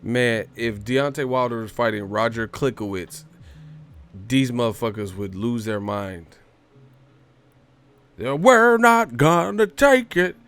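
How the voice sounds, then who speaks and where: A man ranting casually to camera about boxing, animated and profane, with mocking, incredulous jabs. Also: lowish voice, smooth. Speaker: boxing commentary vlogger.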